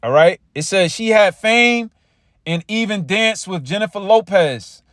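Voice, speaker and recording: High-voiced man preaching casually. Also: expressive, fairly bright tone, no room sound, clean studio sound. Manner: loose and conversational, with frequent "all right" and "right?" and stumbling repeats; reads scripture slowly and with emphasis. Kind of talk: casual sermon with scripture reading.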